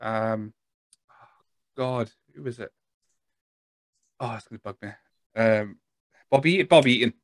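A man's voice: medium pitch, slow, long pauses, dry recording. A Scottish man hosting a podcast in casual chat, laughing often and trailing off into restarts. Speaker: podcast host.

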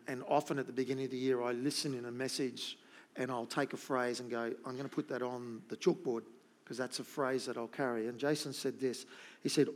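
A man's voice: medium pitch, a little mellow. A middle-aged man preaching a sermon, emphatic and repeating his key points. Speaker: pastor.

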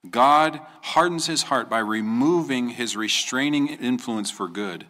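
Bright-voiced man preaching a sermon. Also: lowish voice. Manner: earnest, rising to emphatic questions. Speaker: pastor.

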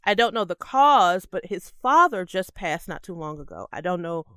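A woman's voice: on the low side, very animated, moderate pace, a bit bright, dry recording. A woman co-hosting a podcast in casual chat, easygoing, laughing often and trailing off with "um.". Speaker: podcast co-host.

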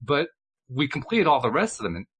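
A man with a slightly husky voice hosts a talk show. He chats casually, often restarts his sentences and jokes at his own expense. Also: mid-range voice, very animated, brisk, fairly bright tone. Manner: chatty, self-deprecating, with restarts. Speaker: podcast host. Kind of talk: casual chat.

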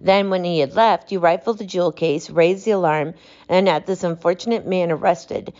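A woman reading aloud, voicing a calm, stern male detective who speaks with cutting precision. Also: lowish voice, moderate pace, highs cut off, natural voice. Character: cool, commanding male detective.

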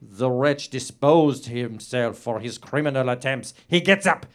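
A man's voice: a little slow, close to an everyday voice. A man voicing a lecherous, pompous French nobleman with a put-on French accent and broken English, reading aloud theatrically. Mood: dramatic reading. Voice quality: broken English, florid and lip-smacking. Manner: reads aloud theatrically, switching to a high pleading voice for the victim. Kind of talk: improvised comedy podcast character.

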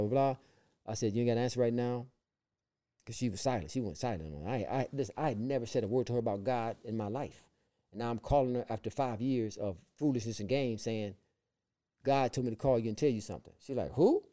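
A man telling his personal faith testimony as a guest, with lively repeated phrases and acted-out quotes. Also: mid-range voice. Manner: lively, repeats words, acts out quoted voices. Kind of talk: animated personal storytelling.

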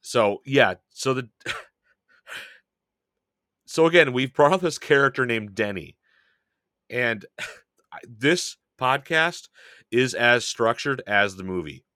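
A man's voice: medium pitch, animated, slow, long pauses, bright, forceful tone, no room sound, studio quality. A man co-hosting a casual podcast, laughing often and swearing as he rambles through a scene. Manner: laughing, profane, scattered. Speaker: podcast co-host.

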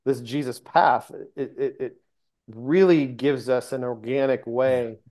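A man's voice: mid-range voice, fairly even intonation, measured pace, a little mellow. Male guest on a faith chat, earnest, often restarts mid-sentence. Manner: earnest, searching for words, with many restarts. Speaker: podcast guest. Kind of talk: casual faith conversation.

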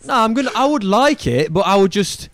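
A man's voice: sits high, very animated, fairly quick, a bit bright, no room sound. A young man co-hosting a casual podcast chat, laid-back and joking, often repeating words. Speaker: podcast co-host.

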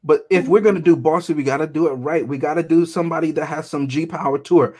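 Animated man joking on a podcast. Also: a little high, fast talker, slightly rough. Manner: animated, joking, exaggerated outbursts. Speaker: podcast co-host. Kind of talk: casual chat.

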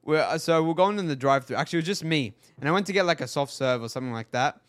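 A young man co-hosts a casual podcast chat. He tells stories with lots of laughter, and his voice sits a little high. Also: animated, very fast. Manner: storytelling, laughs often. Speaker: podcast co-host.

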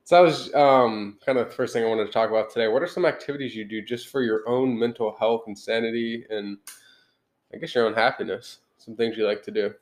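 A man in his twenties hosting a casual podcast chat, upbeat and quick to laugh. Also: medium pitch, fairly even intonation. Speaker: podcast host.

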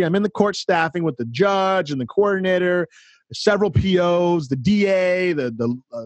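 Guy on a podcast, pretty high voice, dry close sound, gets all worked up telling his story and doing the other people's lines. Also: no room sound. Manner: excited, animated storyteller acting out dialogue. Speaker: podcast co-host, counselor. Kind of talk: casual chat, storytelling.

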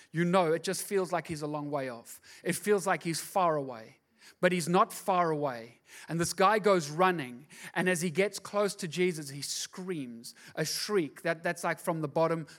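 A middle-aged male pastor preaching a sermon, telling the story in a conversational way and building to loud, impassioned preaching. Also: sits high.

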